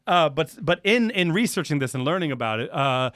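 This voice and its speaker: A man co-hosting a podcast in casual chat, rambling and swearing with plenty of excitement. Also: fairly high pitch, fairly quick, no echo, studio quality. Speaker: podcast co-host.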